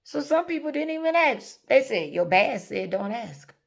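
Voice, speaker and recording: A woman's voice: a little high, very animated, normal speed, creaky. Emphatic woman ranting to camera. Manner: emphatic, scolding, storytelling. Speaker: vlogger. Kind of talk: direct-to-camera rant.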